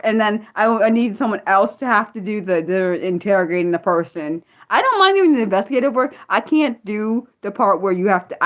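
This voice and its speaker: Fired-up woman venting on a livestream. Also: lowish voice. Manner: heated, swings between fired-up and muttered; swears freely, lots of restarts. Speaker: livestream host. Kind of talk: unscripted livestream chat.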